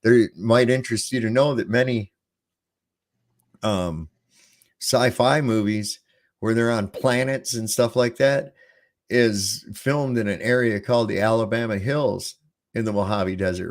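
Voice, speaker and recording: A man's voice: lowish voice, measured pace. A man hosting a casual podcast, rambling through stories with plenty of swearing. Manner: rambling, profane, storytelling. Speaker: podcast host.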